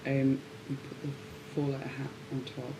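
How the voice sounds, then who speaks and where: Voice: medium pitch, monotone, normal speed, background noise. Chatty co-host from Yorkshire. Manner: chatty, jokey banter. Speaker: co-host of a maker livestream. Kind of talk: casual livestream chat.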